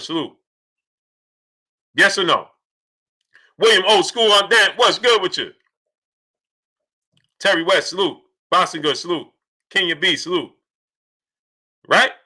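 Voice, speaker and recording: A man hosting a boxing livestream, asking rhetorical questions over and over and giving shout-outs to the viewers in the chat. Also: high voice. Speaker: boxing channel host. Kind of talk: livestream commentary, reading chat.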